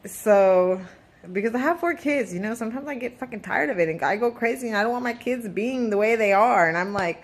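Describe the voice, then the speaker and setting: A woman's voice: on the high side, brisk. A woman in her thirties, a mother venting in a casual vlog, blunt and profane with rambling asides. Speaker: parent vlogger.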